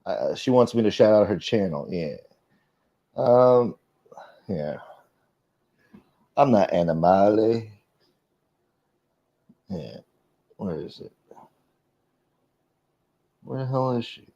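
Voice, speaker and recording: A man's voice: lowish voice, lively intonation, takes it slowly, vocal fry, long pauses, mellow. A man hosting his own livestream, talking casually in a defensive, profane rant aimed at his critics. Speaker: livestream host. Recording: dull lo-fi stream audio.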